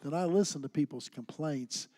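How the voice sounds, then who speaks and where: A man co-teaching a church class who shares personal stories in an animated, conversational way. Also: fairly high pitch, moderate pace, dry recording. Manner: anecdotal, animated storyteller.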